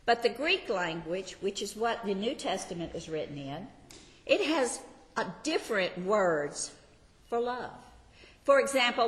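A woman's voice: mid-range voice, long reverb tail. An older woman, teaching a Sunday school Bible class in a chatty, self-deprecating, homey way.

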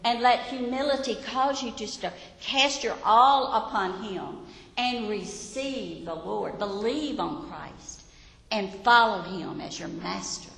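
A woman's voice: medium pitch, creaky, a bit bright. A woman gives a Bible lesson in an earnest, exhorting, conversational way, as a Sunday school teacher. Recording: echoey hall with room reverb.

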